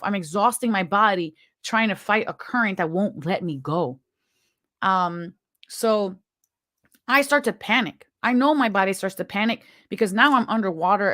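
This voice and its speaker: Woman, earnest first-person storyteller, halting delivery, dry close recording. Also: mid-range voice, a bit bright, no room sound. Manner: earnest, halting, emotional retelling. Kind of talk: personal story told to viewers.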